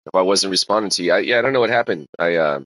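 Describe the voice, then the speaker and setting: A man with a low-sitting voice sim races while chatting casually to his live stream viewers. He's laid-back and rambling, swearing and filling gaps with ums and uhs, with loud music in the background.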